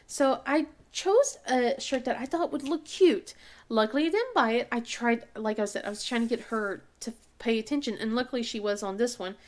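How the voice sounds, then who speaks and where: A chatty woman in her thirties with a Southern US twang and a fairly high voice. She tells family stories in a relaxed vlog chat while crafting, laughing often and acting out the voices of her family. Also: normal speed. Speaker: crafting vlogger. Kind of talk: casual chat while diamond painting.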